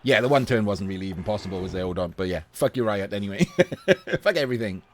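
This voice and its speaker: A man giving casual live commentary on a video game match. He talks in a chatty way, laughs often, swears casually, and his voice is getting a little hoarse. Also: on the low side, racing, a little hiss or hum. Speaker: esports commentator.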